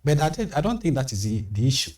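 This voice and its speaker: A man of middling pitch talks things through on a TV studio panel, steady and deliberate, repeating his key phrases to drive them home. He sits a little back from the mic. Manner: measured, repeats phrases for emphasis. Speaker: panel guest. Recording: slightly distant mic.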